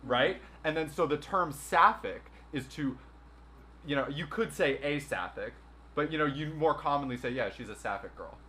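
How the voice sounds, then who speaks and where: A man's voice: a little high, moderate pace, pushed and bright, a little hiss or hum. A young man hosting a casual livestream chat, rambling and joking with many restarts. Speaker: livestream host. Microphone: phone.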